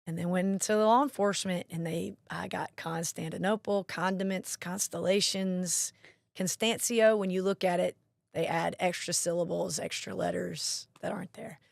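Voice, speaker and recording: A woman's voice: fairly low pitch, steady tone, normal speed, gravelly, no room sound. A woman, a National Guard marketing director telling stories as an interview guest. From Mississippi. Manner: chatty storyteller, acts out quoted voices. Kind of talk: casual interview chat.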